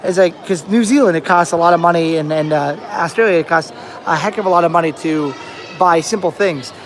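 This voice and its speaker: A man's voice: fairly high pitch, brisk. A young American man vlogging outdoors, telling a long travel story in a chatty, rambling way with many restarts. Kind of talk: casual vlog storytelling. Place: outdoors on a rainy beach. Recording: faint outdoor ambience.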